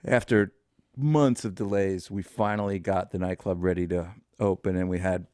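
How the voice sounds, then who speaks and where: A man in his fifties with a low, deep voice tells a long story as a podcast guest. He rambles through it with many fillers and restarts. The sound is dry and close, with no room echo. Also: fairly even intonation, normal speed, mellow.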